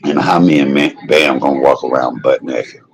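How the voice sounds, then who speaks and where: A man's voice: very deep voice, fairly even intonation, moderate pace, breathy edge, low-quality recording. An older man hosting a live food stream who drifts into emphatic, folksy preaching. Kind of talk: mukbang stream talk turning into preaching.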